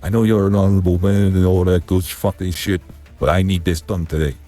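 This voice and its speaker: A game master putting on a deep, husky mob boss in a tabletop game, bossy, condescending and swearing freely. His low, rough voice rambles on as he gives orders to a hired gun. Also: little pitch movement, fairly quick, dark tone, soft background music. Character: angry male mob boss, middle-aged, condescending.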